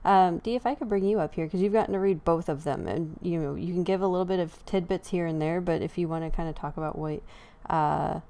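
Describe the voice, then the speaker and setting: A woman's voice: fairly low pitch, quick pace, hardly any pauses, warm tone. A woman hosting a casual live online chat, talking loosely with fillers and frequent laughs. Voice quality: chatty, laughing, many fillers. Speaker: host.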